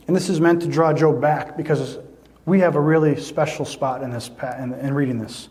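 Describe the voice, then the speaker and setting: A man with a fairly high voice preaches a sermon. He speaks earnestly and often repeats a word as he finds his way forward. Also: fairly even intonation, a little fast, a little mellow. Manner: earnest, repeats words when searching for them. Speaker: pastor.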